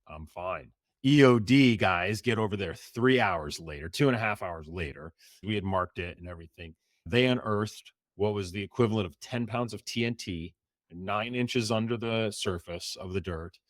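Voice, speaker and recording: A man's voice: fairly low pitch, moderate pace, no echo, studio quality. A middle-aged man, a former Navy SEAL, vividly retelling a story in an interview and acting out the dialogue.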